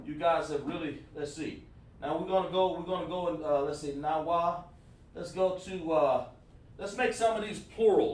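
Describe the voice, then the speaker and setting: A man's voice: on the high side, recorded from a distance. Man teaching in an echoey room. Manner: relaxed, repetitive, thinks aloud while writing on a board; greets and praises students by name from the chat. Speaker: class instructor. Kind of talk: livestreamed language lesson. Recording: echoey room, speaking away from mic.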